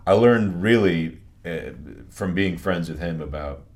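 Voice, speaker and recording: A man from New England, a podcast guest, telling his story in a relaxed way with frequent restarts and a softened New England Italian American accent. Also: low-pitched, measured pace. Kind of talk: conversational interview.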